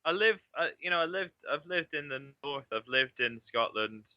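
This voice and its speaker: A man's voice: on the high side, lively intonation, moderate pace, no room sound. Chatty young man with dull lo-fi audio. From southeast England. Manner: chatty, swears freely, laughs often. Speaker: guest. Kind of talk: casual online chat.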